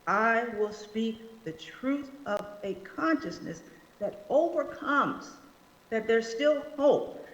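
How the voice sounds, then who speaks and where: A woman giving a sermon as a guest speaker, animated, slowing down for emphasis and acting out quotes. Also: a little high. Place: church sanctuary. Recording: echoey hall, slightly dull sound.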